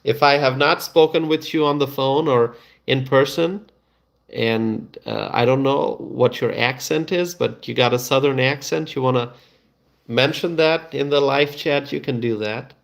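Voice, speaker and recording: Slow, gravelly man. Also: mid-range voice. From Bangladesh. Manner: halting, many fillers and restarts. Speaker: live-stream host. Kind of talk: casual live-stream chat.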